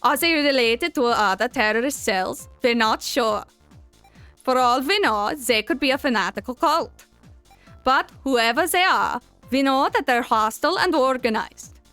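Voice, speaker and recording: A woman's voice: fairly high pitch, fairly bright tone. A woman voicing an official who gives a grave, formal briefing in a put-on accent.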